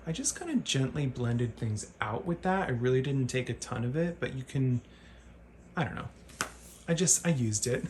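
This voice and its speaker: There's slight background noise as a medium-pitched male vlogger chats casually through his makeup routine. His tutorial rambles, and he corrects himself and laughs at his own slips along the way.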